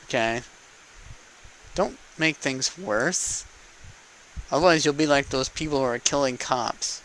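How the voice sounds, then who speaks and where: A man's voice: mid-range voice, measured pace, pauses often, a bit bright, low-quality recording. A man giving a casual, argumentative political monologue to camera, punctuating points with rhetorical "okay?" and "right?". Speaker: vlogger speaking to camera.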